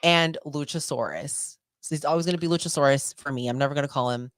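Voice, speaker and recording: Young woman, podcast co-host, casual animated chat, dry close sound. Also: low-pitched, fast, no echo. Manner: chatty, animated storytelling with quoted asides.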